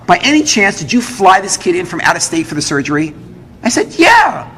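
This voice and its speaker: Lively man telling a story. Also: fast talker. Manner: lively, acts out dialogue with big pitch jumps. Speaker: rabbi telling a personal story. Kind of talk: animated storytelling talk. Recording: roomy hall with long reverb, faint noise.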